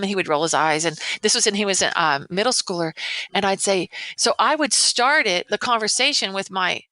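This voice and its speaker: A woman's voice: medium pitch, fairly quick, sharp tone, dry recording, poor audio. A woman in her sixties, a veteran educator, giving parenting advice in a casual interview, earnest and rambling with many restarts. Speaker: veteran educator, podcast guest.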